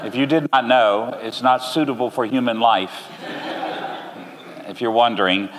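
A man from Florida with an American accent, preaching a sermon as a guest speaker in a relaxed, joking, deliberate way. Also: medium pitch, heavy background noise. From Orlando, Florida. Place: church. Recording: reverberant church hall.

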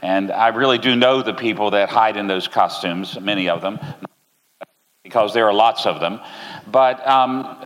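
A man from Florida with an American accent, preaching a sermon as a guest speaker in a relaxed, joking, deliberate way. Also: lowish voice. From Orlando, Florida. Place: church. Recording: reverberant church hall.

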